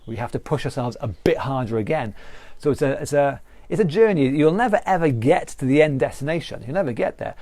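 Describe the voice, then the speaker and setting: An earnest man with a British accent teaching a live online fitness class, circling back to his points again and again. His voice is mellow and low-key, and the sound is dry and close, with little room around it. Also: animated, fairly quick, no room sound. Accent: British English. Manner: earnest, repetitive explaining with restarts. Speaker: fitness instructor.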